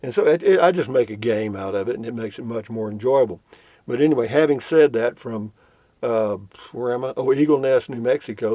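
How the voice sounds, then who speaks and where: Folksy older man, dry mellow voice. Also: medium pitch, fairly quick, no room sound. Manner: folksy, rambling, chuckling often. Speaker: vlogger reading viewer comments. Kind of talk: casual chat. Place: in a vehicle on a road trip.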